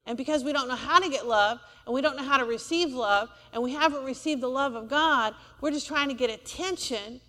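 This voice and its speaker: A woman's voice: high-pitched, a little fast, few pauses, sharp tone, long reverb tail. A woman preacher, delivering a sermon in a church and asking the congregation for amens. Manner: call-and-response preaching, asks for amens.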